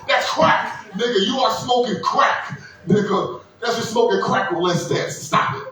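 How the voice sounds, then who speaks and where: Loud crude New comedian in echoey room. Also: male voice, a little slow. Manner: loud, animated, crude, acts out characters with high squealing voices. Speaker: stand-up comedian. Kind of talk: stand-up comedy set. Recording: echoey room, mic heard from a distance.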